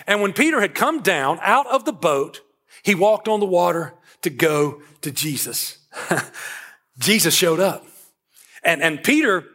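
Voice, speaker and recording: High-voiced pastor preaching. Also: male voice, fairly bright tone. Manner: conversational storytelling that rises into emphatic preaching. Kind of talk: sermon.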